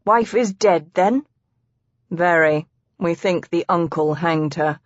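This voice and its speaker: A terse, watchful man of few words, as a woman narrator reads him. He speaks calmly and slowly in a lowish voice, and the recording is dry and a little dull. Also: dry recording. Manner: terse and calm. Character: steady, watchful male companion, laconic.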